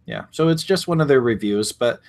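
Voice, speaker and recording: Male host, mid-pitched, conversational and rambling, laughs easily. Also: animated, brisk, darkish tone. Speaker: podcast host. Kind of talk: casual chat.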